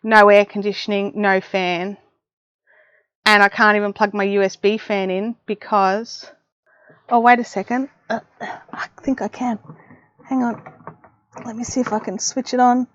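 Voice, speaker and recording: This middle-aged Australian woman hosts a laid-back craft livestream from her home craft room, teasing herself as she chats with viewers. Her mid-range voice has little pitch movement and a fairly bright tone, with a measured pace and long pauses. There's no room sound; she uses a desk mic with headphones, and the audio is dry, dull and lo-fi.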